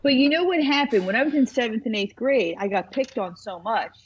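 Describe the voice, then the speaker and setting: A woman's voice: on the high side, expressive, fairly quick, lo-fi sound, a little hiss or hum. A woman therapist in casual chat, telling stories animatedly and acting out the people she quotes.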